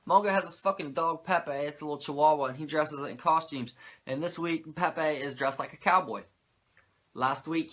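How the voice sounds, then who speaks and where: A man's voice: medium pitch, bright, forceful tone. A man hosting a casual wrestling recap, swearing a lot, filling with "like" and ranting in disbelief. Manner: swears a lot, lots of "like" fillers, incredulous rants. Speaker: wrestling recap podcast host.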